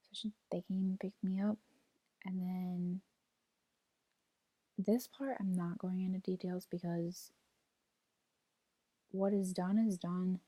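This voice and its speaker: With a low-leaning, mellow voice and an even tone, a woman in her twenties shares a personal story for her vlog, speaking slowly with long pauses and no echo. She rambles, uses "like" constantly, and retells quotes while holding back tears.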